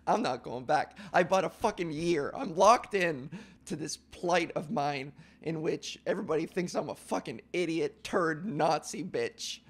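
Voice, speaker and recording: A man's voice: fairly high pitch, a little slow. A man hosting a casual podcast, ranting in a profane, self-mocking way. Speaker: podcast host.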